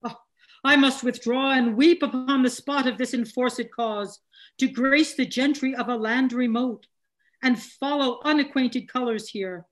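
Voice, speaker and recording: A woman's voice: high-pitched, measured pace. A woman reading a grieving English lord. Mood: sorrowful. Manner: earnest, sorrowful verse reading. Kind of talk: Shakespeare read-through.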